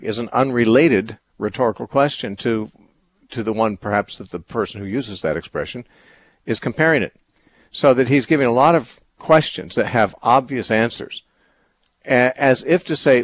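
A man hosting a radio call-in show, explaining a Bible passage in a thoughtful, halting way full of fillers and restarts. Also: medium pitch.

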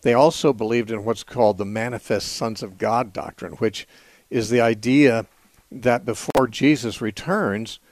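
A man hosting a call-in radio show, answering callers in a measured, thoughtful way with frequent fillers. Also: mid-range voice, no echo. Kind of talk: call-in radio Bible teaching.

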